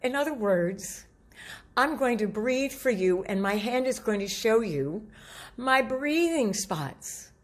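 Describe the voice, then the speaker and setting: A woman vocal coach giving a lively spoken lesson on voice use, demonstrating pitches as she talks. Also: slow. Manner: animated, demonstrates low and high pitches.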